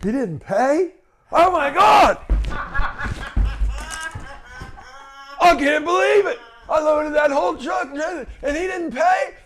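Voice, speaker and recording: A man putting on a frantic, shrill young worker. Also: expressive, a little slow, background noise. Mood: faking panic. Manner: shouting, panicky, high-pitched outbursts. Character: young male worker faking frantic shock.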